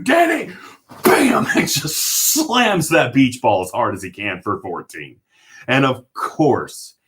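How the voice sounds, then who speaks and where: Guy vlogging a personal story, super animated, voice jumps all over, keeps laughing. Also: medium pitch. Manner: animated, laughing while recounting. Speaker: mental health vlogger.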